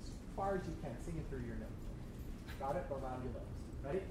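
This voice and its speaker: A man working as a choir director, teaching a rehearsal in an energetic, encouraging way and demonstrating lines by chanting and singing them. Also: mid-range voice, fast talker. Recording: echoey room with background noise.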